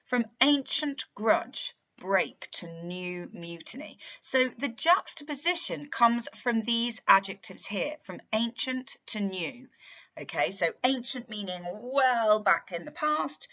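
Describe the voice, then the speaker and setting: A woman's voice: mid-range voice, sharp tone, highs cut off. A woman teaching English literature in a revision tutorial, explaining step by step and asking rhetorical questions.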